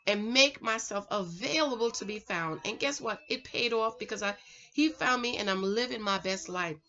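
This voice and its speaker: The sound is lo-fi as a middle-aged woman, mid-range in voice and moderate in pace, vlogs casually from home. Chatty and animated, she preaches dating advice directly at whoever's watching.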